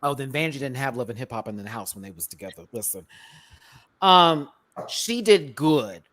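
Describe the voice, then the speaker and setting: A woman hosting a casual panel chat, sassy and animated, acting out quotes as she talks. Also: rumbling low, normal speed. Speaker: show host.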